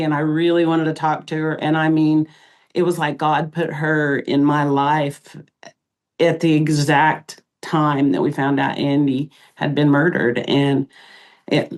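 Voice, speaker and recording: Low, flat-voiced woman recounting haltingly. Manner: halting, many pauses and fillers. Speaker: podcast guest. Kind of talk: emotional interview recounting.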